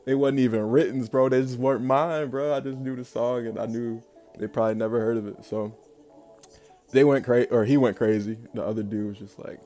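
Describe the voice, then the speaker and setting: A man's voice: mid-range voice, steady tone, brisk, warm tone, soft background music. A young man telling a long personal story in a casual, rambling way, full of fillers and bursts of laughter. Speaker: vlogger.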